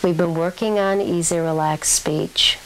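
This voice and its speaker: A woman working as a speech clinician, who models her words slowly and deliberately and then explains the therapy to a parent. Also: fairly low pitch, fairly even intonation, slight background noise, low-quality recording.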